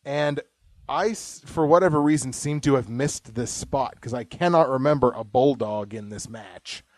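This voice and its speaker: A man's voice: mid-range voice, moderate pace, dry recording. A man co-hosting a podcast in casual chat, rambling, swearing and joking. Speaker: podcast co-host. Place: home basement.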